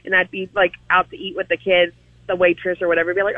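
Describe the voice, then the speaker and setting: A woman's voice: on the low side, little pitch movement, quick pace, no room sound, narrow, tinny audio. A woman calling a radio show, telling a story about being a surrogate with amused laughter. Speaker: caller.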